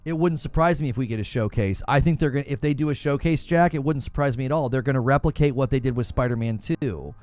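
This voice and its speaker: A man's voice: medium pitch, quick pace, hardly any pauses, darkish tone, no room sound. A man hosting a gaming news livestream, arguing his points with emphatic, preacher-like passion and reading viewer comments aloud. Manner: fiery, preacher-like emphatic delivery.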